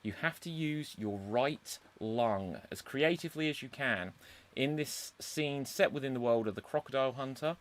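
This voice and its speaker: A man's voice: mid-range voice, moderate pace. A man hosting an improv comedy stream, joking and teasing with loose, hesitant delivery. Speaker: host.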